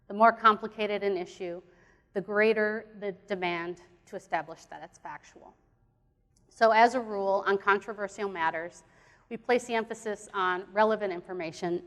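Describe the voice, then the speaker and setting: A woman presents at a conference in an earnest, plainspoken way, with occasional fillers and restarts. Her voice sits at a medium pitch. The sound carries a long reverb from the hall. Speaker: conference speaker. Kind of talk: conference talk.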